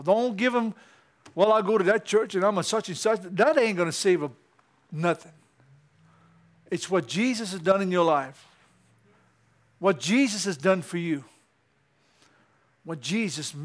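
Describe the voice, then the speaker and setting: A male preacher, giving an animated sermon in church that climbs to excited peaks. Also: high-pitched, moderate pace, long pauses.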